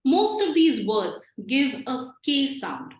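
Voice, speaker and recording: A woman's voice: high-pitched, sing-song, slow pace. A woman teaching a beginners' lesson, patiently explaining and repeating sounds. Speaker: French teacher. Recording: echoey room.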